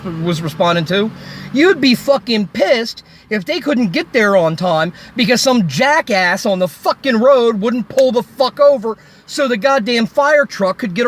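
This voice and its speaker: A man ranting angrily into his phone by a road, swearing heavily and sarcastically. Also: high voice. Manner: furious, heavy swearing, sarcastic. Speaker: vlogger. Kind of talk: angry roadside rant. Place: recorded while by a road.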